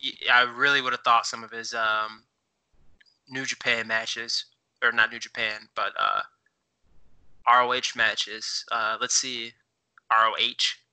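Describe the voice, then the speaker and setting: A man's voice: mid-range voice, level tone, unhurried, long pauses, bright, forceful tone, clean tone, low-quality recording. A man co-hosting a podcast in casual chat, rambling with many fillers as he looks things up while talking. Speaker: podcast co-host.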